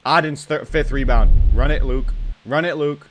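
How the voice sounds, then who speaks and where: A man giving casual play-by-play commentary on a basketball video game he is playing. He is excitable, gets frustrated quickly, talks straight to the players on screen, and uses slang and swearing. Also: a little high, slight background noise. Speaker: gaming channel host.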